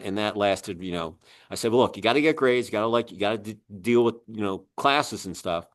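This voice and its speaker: A man's voice: fairly low pitch, moderate pace. A middle-aged American man telling long coaching stories in a casual interview, full of fillers and restarts. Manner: rambling, many fillers and restarts, lively quoting of others. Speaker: guest, coach.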